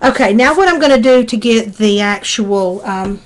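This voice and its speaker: This is a middle-aged woman with a warm Southern US drawl, a little higher-pitched than most. She walks viewers through a craft project in a folksy, chatty way, talking along as she works. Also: expressive, moderate pace, a little hiss or hum. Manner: chatty, folksy, talks while working. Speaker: craft demonstrator. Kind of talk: live craft tutorial.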